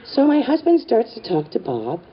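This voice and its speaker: A woman's voice: on the high side, wildly swooping pitch, moderate pace, husky. Wry middle-aged woman telling a comic story. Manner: wry, conspiratorial, lots of asides. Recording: distant, dull live stage recording with audience and noise. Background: audience laughter.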